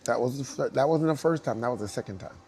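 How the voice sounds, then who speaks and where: A man with a New York accent, speaking to young dancers and telling animated stories with repeated emphasis and acted-out quotes. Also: medium pitch, quick pace. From United States. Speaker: guest dancer speaking to students. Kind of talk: casual storytelling talk.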